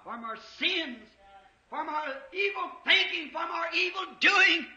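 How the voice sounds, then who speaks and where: A man preaching an impassioned revival sermon in a church, rising to shouts at the peaks. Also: extremely high pitch, animated, a little slow. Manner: impassioned, shouting at peaks, old-time Southern US preaching cadence. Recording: echoey church, dull 1950s tape.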